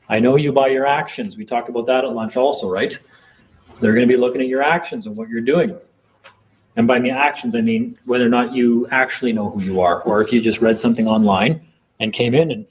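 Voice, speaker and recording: A man's voice: medium pitch, animated, brisk, darkish tone, lo-fi sound. A man giving a casual talk to a small group, rambling and repeating himself as he acts out exchanges in court. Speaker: seminar speaker.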